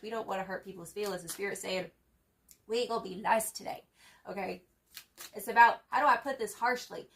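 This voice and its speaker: A woman's voice: medium pitch, fairly bright tone. A young woman giving a casual tarot reading, slangy and profane, hyping the viewer up with repeated catchphrases. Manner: slangy, profane and emphatic, full of fillers. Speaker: tarot reader.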